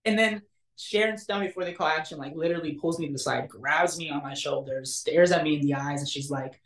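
A young man, an actor, telling a story in a casual interview, animated and acting out the quotes. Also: brisk. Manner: animated, acts out quotes with big pitch jumps. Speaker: actor guest. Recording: roomy echo.

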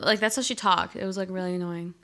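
A young woman in her twenties co-hosting a casual podcast, blunt and swearing freely, often mocking others in quick impressions. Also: lowish voice, steady tone, fairly bright tone. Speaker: podcast co-host. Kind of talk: casual chat.

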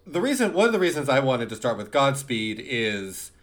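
A man co-hosting a music podcast in relaxed conversation. He laughs often and stumbles into repeated words as he talks. His voice sits in an ordinary middle pitch. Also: normal speed. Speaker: podcast co-host. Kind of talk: casual chat.

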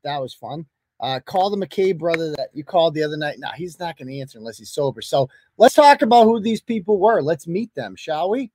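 A man's voice: on the high side, lively intonation, brisk, a little mellow, no room sound. A man hosting a live web show, ranting in a brash, profane and combative way and reading out viewer donations. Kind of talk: casual livestream rant.

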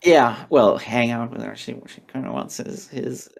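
Animated podcast co-host recapping a story. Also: mid-range voice, vocal fry. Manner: animated storyteller, acts out characters in quick voices. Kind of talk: casual chat recapping a chapter.

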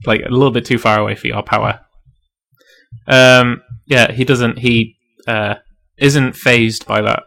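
A man's voice: medium pitch, steady tone, measured pace, creaky, pushed and bright. A man narrating a tabletop role-playing game as game master, casual and full of fillers, laughing often.

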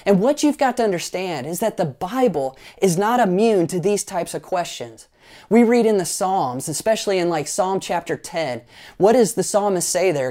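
A pastor delivers a sermon, his high voice moving at an ordinary pace as he spins lively stories, drops in playful asides, and leads the congregation in group actions.

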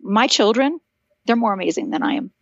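A middle-aged woman, a guest on a podcast, telling stories in an animated, earnest and encouraging way. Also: fairly high pitch, fairly quick, no echo, lo-fi sound. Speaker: podcast guest, author and speaker. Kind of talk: casual chat.

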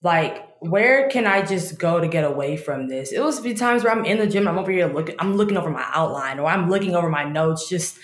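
A woman in her twenties, a law student appearing as a guest in a casual interview, tells her story candidly and animatedly, quoting herself as she talks to herself. Her lowish voice moves fairly quickly with few pauses, in an echoey room.

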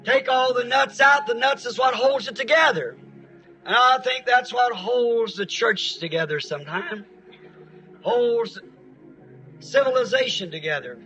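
A man from Arizona preaches a sermon as a story, folksy and plain-spoken, with homespun grammar. His voice is very high and bright. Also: a little slow, soft background music, rough recording.

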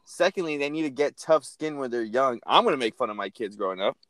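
A young man with a mid-range voice talks fast in casual conversation, rambling through an animated story and swearing freely. The recording is close and dry, with no echo or room sound.

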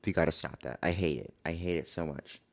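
A man's voice: extremely low pitch, brisk, a bit bright. A young man talking casually to camera in a vlog, blunt and exasperated, repeating his complaints. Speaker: vlogger.

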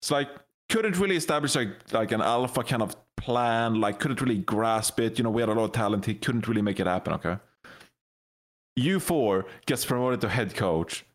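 A man's voice: mid-range voice, normal speed. A man in a casual esports panel chat, telling a joking doom prediction and laughing between lines.

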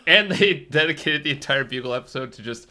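A man's voice: medium pitch, lively intonation, fast, bright, forceful tone. A man co-hosting a podcast in casual chat, amused and breaking into laughter between phrases. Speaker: podcast co-host.

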